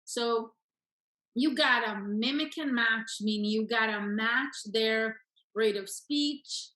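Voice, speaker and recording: An energetic woman teaches real estate agents how to handle calls, now and then acting out both sides in snappy voices. Her voice sits a little high and rings bright and forceful. The room around her adds a clear echo. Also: slow. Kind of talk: coaching lesson.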